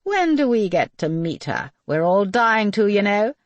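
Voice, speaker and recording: A woman voicing a cheerful, teasing young male RAF pilot who banters with his friend, lively in pitch. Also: measured pace, no echo, muffled recording.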